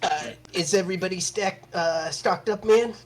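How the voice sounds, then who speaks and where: A man's voice: sits high, moderate pace, faint music behind. A man playing in a tabletop game, joking around in a laid-back way. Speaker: player. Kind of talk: casual chat in a tabletop game.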